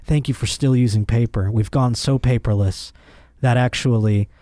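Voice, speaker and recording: A podcast host speaks at normal speed on a dry, clean studio recording. His comedy show talk is a casual, crude, jokey rant, animated enough that his voice leaps up when he gets worked up.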